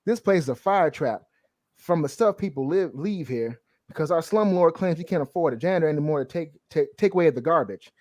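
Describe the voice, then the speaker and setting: A man reading aloud a comic's lines for a weary, kindly tenant mother in a run-down flat, mocking the stiff wording. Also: low-pitched, brisk, no room sound, studio quality.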